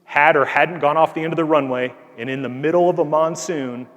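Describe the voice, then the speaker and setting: A man's voice: a little high, fairly even intonation, a little fast, a bit bright, lo-fi sound. A man, an Air Force colonel, giving an earnest, conversational talk to cadets, sharing a story from his time as a squadron commander. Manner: earnest, conversational, frequent "like" fillers. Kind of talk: motivational speech with anecdote. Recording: long hall reverb.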